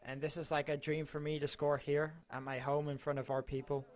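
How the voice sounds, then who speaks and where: A man's voice: a little high, little pitch movement, brisk. A man from Mallorca, a footballer, giving an earnest, emotional post-match interview with his voice cracking. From Mallorca, Spain.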